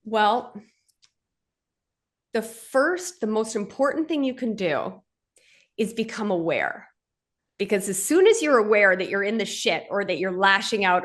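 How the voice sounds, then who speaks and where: A woman of middle pitch talks on her podcast in a relaxed, conversational way. She is earnest and direct, and she often checks in with the listener. Her voice softens and slows when she offers comfort. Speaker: podcast host and men's coach.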